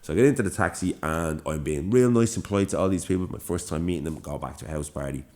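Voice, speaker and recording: A young man from Ireland with a Dublin accent, co-hosting a podcast and telling an animated, swear-filled story. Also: deep voice, fast talker. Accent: Dublin Irish. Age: young adult. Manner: animated storyteller, swears freely, acts out quoted lines. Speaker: podcast co-host. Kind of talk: casual storytelling chat.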